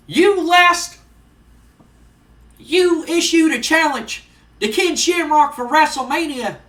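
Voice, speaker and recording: A man putting on the voice of a loud, gloating male wrestling manager who taunts and sneers. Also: very high voice, animated, very slow, long pauses, distant mic, pitched above the performer's own voice, exaggerated voice. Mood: gloating, taunting. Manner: taunting, sneering, shouting insults. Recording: roomy, off-mic.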